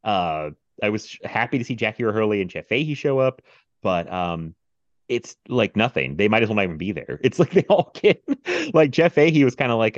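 A man's voice: fairly low pitch, animated, fast, no echo, muffled recording. A man hosting a movie podcast, chatting casually with frequent laughs and fillers. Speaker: podcast host.

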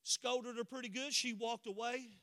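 Male preacher, fervent sermon delivery, high bright voice, long church-hall reverb. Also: fairly even intonation, moderate pace. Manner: impassioned, building to emphatic declarations. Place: church sanctuary.

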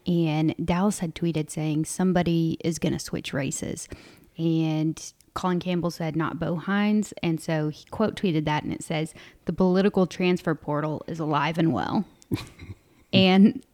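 A woman's voice: fairly low pitch, darkish tone. Chatty woman podcast co-host. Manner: chatty, explaining, laughs often. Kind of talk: casual political podcast chat.

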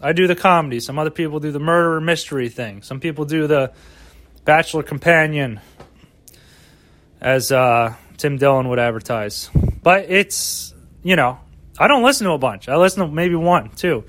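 A man with a fairly high, bright, animated voice speaks at normal speed with no echo, recording his solo podcast outdoors. He rambles casually, swearing a lot and delivering mock pep talks.

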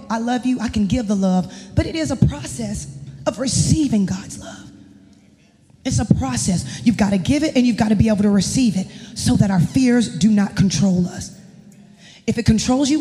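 A woman's voice: on the high side, dark tone. A woman, a pastor's wife and worship leader, preaching an emphatic, impassioned sermon in a church. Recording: long echoing reverb of a church hall.

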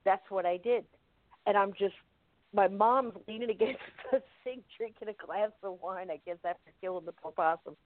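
A woman casually recounting a personal story, vivid and animated. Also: medium pitch, normal speed. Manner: vivid, animated retelling with acted-out moments. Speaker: guest telling a personal story. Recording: tinny phone-line sound, dry.

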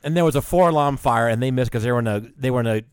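A man co-hosting a podcast, chiming in with quick agreement and jokes in casual chat. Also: mid-range voice, clear, resonant tone, dry recording. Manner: joking interjections and quick agreement. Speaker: podcast co-host.

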